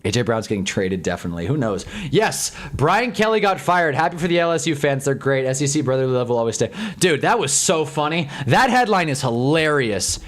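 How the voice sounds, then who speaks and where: A young man streaming live, chatting casually with viewers and swearing often as he swings between loud rants and low grumbling. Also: big pitch swings, brisk, hardly any pauses. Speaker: sports streamer. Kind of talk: casual livestream chat reading fan comments.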